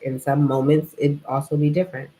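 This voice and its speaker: A woman's voice: sits low, little pitch movement, a little fast, warm tone, poor audio. A young adult woman talking in a casual, reflective vlog monologue, rambling and filling her speech with "like" and "you know". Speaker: vlogger.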